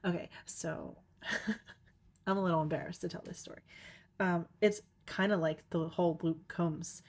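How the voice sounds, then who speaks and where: A woman's voice: on the low side, steady tone, unhurried, gravelly. A young woman hosting her own podcast, rambling casually with lots of filler words and frequent giggles. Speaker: podcast host. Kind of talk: casual solo podcast monologue.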